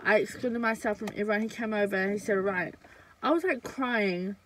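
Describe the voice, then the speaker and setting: A woman's voice: mid-range voice, fairly quick, slight background noise, low-quality recording. A young woman, telling a story in a casual, chatty way with lots of fillers and swearing. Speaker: vlogger.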